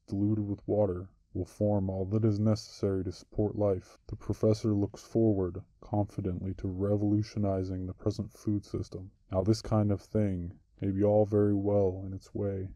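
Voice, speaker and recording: A man reads short stories aloud in a steady, unhurried manner. His voice sits low and very dark, with little rise and fall. The sound is close and dry. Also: no echo. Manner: steady, even storytelling delivery. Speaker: narrator. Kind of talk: audiobook reading of short stories.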